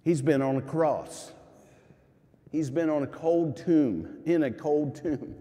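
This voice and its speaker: A male pastor preaching a sermon at a slow, measured pace, his mellow voice rising with emphasis and falling to near hush. The sound rings with the long reverb of a church sanctuary. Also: fairly high pitch. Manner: earnest, emphatic preaching with dramatic rises and soft drops.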